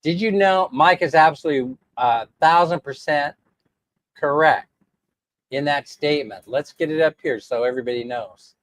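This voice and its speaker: A man's voice: on the high side, normal speed, dry recording. A man rambling in a casual livestream chat, laughing often as he answers viewers. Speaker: vlogger reading live chat.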